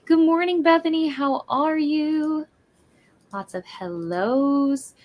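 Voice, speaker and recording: A woman's voice: sits high, slow pace, highs cut off. Chatty woman hosting a reading stream. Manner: chatty, reads out chat greetings. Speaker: livestream host. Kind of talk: casual chat. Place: in bed at home.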